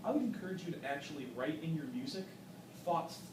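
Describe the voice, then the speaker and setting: A man's voice: on the high side, lively intonation, brisk. A man giving an encouraging, explanatory critique to a singer in a masterclass, with frequent "um"s. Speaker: vocal adjudicator. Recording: echoey room from a distant mic with background noise.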